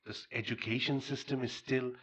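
Slangy Bangladeshi podcast host, laughing a lot. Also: male voice, mid-range voice, moderate pace, breathy edge. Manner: slangy, animated, laughs often. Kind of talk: casual chat.

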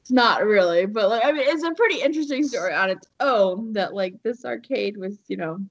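A woman's voice: mid-range voice, animated, a little fast. Woman, podcast co-host, casual storytelling, rambling, dull lo-fi sound. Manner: rambling with many fillers and laughs. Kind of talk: casual chat, telling a story.

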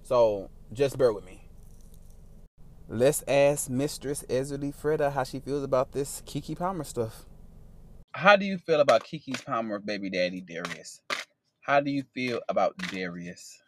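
A man giving a casual tarot reading on his podcast, sassy and expressive, swearing freely. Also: medium pitch, unhurried. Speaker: tarot reader.

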